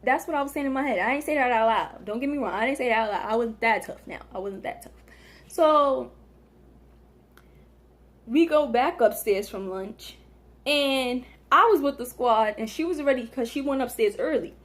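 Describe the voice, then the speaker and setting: Animated young woman telling a story. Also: on the high side, moderate pace. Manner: animated, slangy, acts out quotes. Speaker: vlogger. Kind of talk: casual storytelling.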